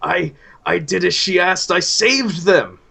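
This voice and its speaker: A man's voice: sits high, slow pace, vocal fry, pushed and bright, slightly rough, pitched above the performer's own voice, full character voice. A man voicing a frantic, cackling, unhinged man in a tabletop story game.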